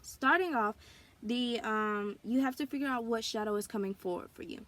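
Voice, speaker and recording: A woman's voice: a little high, normal speed, fairly bright tone. A woman vlogger speaking in an earnest, confessional way, sharing personal experiences in a casual talk to camera. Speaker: spiritual wellness vlogger. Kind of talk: candid personal vlog talk.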